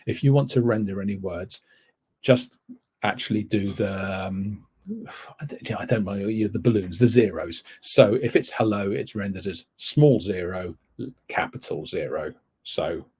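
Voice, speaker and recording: A man's voice: deep voice, darkish tone, breathy edge. A man giving a teaching webinar, rambling and correcting himself often as he explains. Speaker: TEFL course tutor. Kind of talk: webinar lecture.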